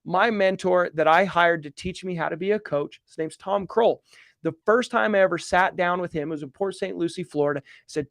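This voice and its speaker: A man's voice: high voice, normal speed, no room sound. A man hosting a live question-and-answer stream as a coach, speaking in an earnest, emphatic motivational style and repeating phrases for effect.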